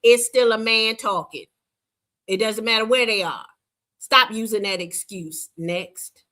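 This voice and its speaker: Slow, sassy woman hosting a livestream. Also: fairly high pitch, pushed and bright. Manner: sassy, dismissive, mocking. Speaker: livestream show host. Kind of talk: heated livestream debate.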